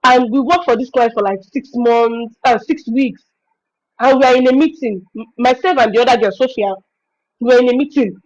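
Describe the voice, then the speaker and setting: Nigerian woman trainer, high and animated voice, informal teaching tone, dull lo-fi stream sound. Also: moderate pace. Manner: animated, expressive storytelling. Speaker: virtual assistant trainer hosting a webinar.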